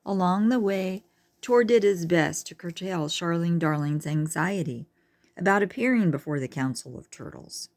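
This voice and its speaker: A woman reading a children's book aloud, unhurried, with chatty asides to her listeners. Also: fairly low pitch, a little mellow, dry recording. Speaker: reader.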